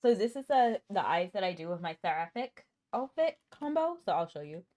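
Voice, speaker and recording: A chatty woman streams a game and talks casually with her viewers, laughing often and stopping now and then to cough. Her voice sits at an ordinary middle pitch. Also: animated, brisk, darkish tone. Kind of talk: casual live-stream chat.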